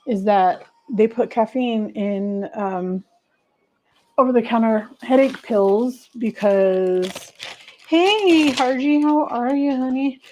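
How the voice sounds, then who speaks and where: A middle-aged woman with a mellow, warm voice hosts a casual home livestream. Her talk is chatty and rambling, and she keeps turning to greet viewers by name as she moves around. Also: mid-range voice, a little hiss or hum, rough recording. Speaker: livestream host.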